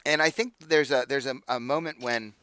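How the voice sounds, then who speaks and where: A man narrating as game master, relaxed and rambling with many fillers. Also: medium pitch, normal speed, slight background noise.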